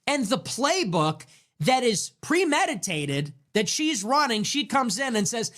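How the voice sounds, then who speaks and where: Sarcastic man ranting with a high, swooping voice. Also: sing-song, measured pace, fairly bright tone. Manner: sarcastic, incredulous, mocking. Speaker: political livestream commentator. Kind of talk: ranting livestream commentary.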